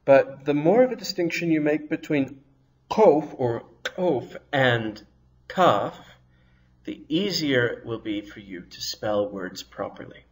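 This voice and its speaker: Slow, lively-pitched male language teacher. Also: rough recording. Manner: patient, explains slowly and demonstrates sounds aloud. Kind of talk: recorded video lesson.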